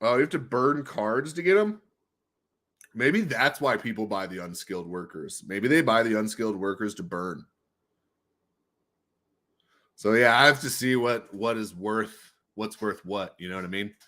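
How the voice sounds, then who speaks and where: A man hosting a casual livestream, rambling, laughing often, swearing and breaking into loud high bursts. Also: moderate pace. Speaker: livestream host.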